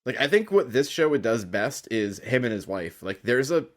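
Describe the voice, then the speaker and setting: Man, lively intonation, podcast co-host, jokey casual chat. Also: medium pitch, moderate pace. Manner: animated, jokey commentary.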